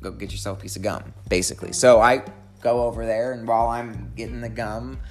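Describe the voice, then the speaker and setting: Woman, casual chat storyteller, rambling and lively when acting out scenes. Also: a bass voice, fairly quick, faint music behind.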